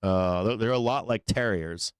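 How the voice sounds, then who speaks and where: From a studio office, the host of a live trading show, a man, drifts through a lengthy, swear-filled story, laughing between lines. The voice is fairly low and clean in tone at a moderate pace, with no echo.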